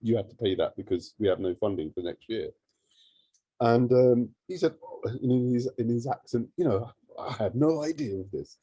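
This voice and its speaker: A man recounts a story in an interview with a very dark, mellow tone and a husky edge. He talks in a lively way and slips into the voices of the people he quotes. The sound is dry and close. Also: medium pitch, moderate pace, dry recording, rough recording. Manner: lively, acts out remembered dialogue. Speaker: charity CEO.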